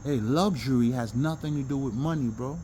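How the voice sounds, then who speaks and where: A man talking in a casual, rambling monologue about self-improvement, animated and profane, with many restarts and bursts of laughter. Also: medium pitch, a little fast, a little hiss or hum. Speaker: self-help talker.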